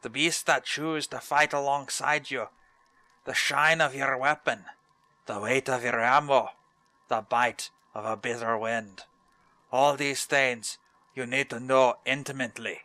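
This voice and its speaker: A man voicing a gruff male dwarf quest-giver in a clumsy put-on Scottish accent, reading in a brusque, booming way. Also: fairly even intonation, unhurried, bright, forceful tone, no echo. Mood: hearty. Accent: Scottish, put on badly.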